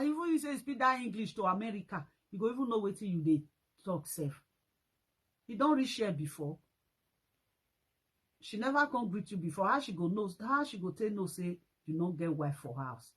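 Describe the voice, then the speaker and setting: A woman with a Nigerian accent ranting in a commentary vlog, scolding and mocking, with sudden loud high outbursts. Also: animated, brisk, breathy edge, rough recording. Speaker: social media commentator.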